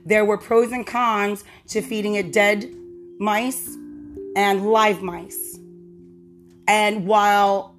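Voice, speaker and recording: A young adult woman hosting a podcast, chatting casually and telling a story, laughing often and acting out the voices she quotes. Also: medium pitch. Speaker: podcast host. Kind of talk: casual chat.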